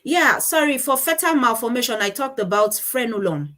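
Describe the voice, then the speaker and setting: A woman's voice: a little high, expressive, moderate pace, pushed and bright. A woman giving a conference talk with slides, explaining step by step and stopping to correct herself. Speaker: conference speaker on child speech disorders.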